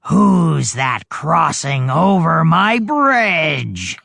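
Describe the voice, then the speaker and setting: A storybook reader voicing a hungry, greedy male troll who guards a bridge, dropping lower and gloating. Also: big pitch swings, extremely slow, gravelly, a bit bright, no room sound, full character voice. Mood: menacing.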